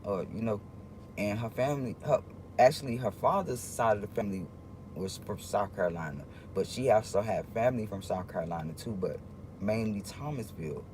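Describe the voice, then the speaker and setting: A man's voice: lowish voice, darkish tone, a little hiss or hum. Rambling man talking on a livestream. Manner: rambling, halting, with many restarts; earnest, confiding tone addressing viewers. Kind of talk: casual livestream monologue.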